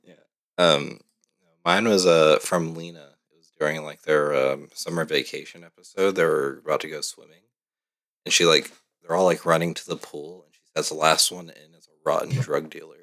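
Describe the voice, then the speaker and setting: A man's voice: very deep voice, fairly even intonation, normal speed, fairly bright tone, dry recording, studio quality. A man in a casual chat with friends, laid-back and given to crude humor.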